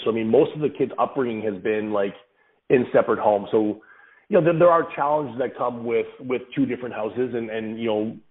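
A man being interviewed as a guest on a parenting podcast, speaking in an earnest, reflective way and explaining his views with everyday examples. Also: medium pitch. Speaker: podcast guest, father of several kids. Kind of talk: casual interview answers. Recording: tinny phone-like line.

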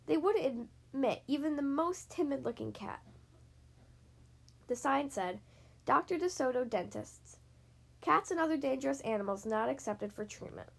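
A woman reading a children's picture book aloud, slowly and expressively. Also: high-pitched, vocal fry, breathy edge. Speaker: reader.

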